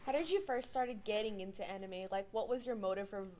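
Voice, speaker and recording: A woman's voice: medium pitch, fast talker, reverberant, over a noisy crowd. A woman in the audience asking a guest a casual, slightly hesitant question at a panel.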